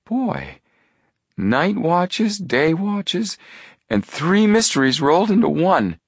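A man voicing a hungry, complaining heavyset teenage boy, whiny and excitable in a raised voice. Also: high voice, takes it slowly, slightly rough, dry recording, clean studio sound, pitched above the performer's own voice, full character voice. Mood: groaning.

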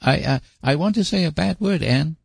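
An anxious little boy with a high, pleading voice that stumbles over his words, as a man puts him on for a storybook. The voice sits well above the reader's own, dry and close to the mic. Hoarse at the edges. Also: expressive, moderate pace, no echo, heavily acted. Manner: pleading, hesitant, stammering. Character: small anxious earnest boy.

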